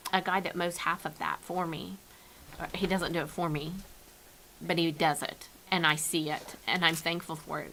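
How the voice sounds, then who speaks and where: Woman, lowish voice, earnest homespun devotional talk from home, faint hiss on the recording. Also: bright, forceful tone, rough recording. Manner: earnest, repeats and restarts words. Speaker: church devotional speaker. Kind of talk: informal devotional message. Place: at home, with her dog nearby.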